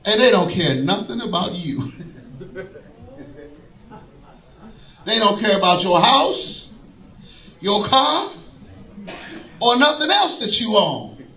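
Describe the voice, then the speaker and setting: A man preaching a folksy sermon, laughing often and rising to shouts. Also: high voice, very animated, slow pace, pauses often, reverberant, rough recording.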